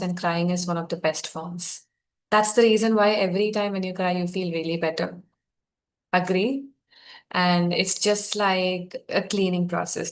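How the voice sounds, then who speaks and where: A woman facilitating a guided healing session, speaking softly, gently and encouragingly to her group. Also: lowish voice.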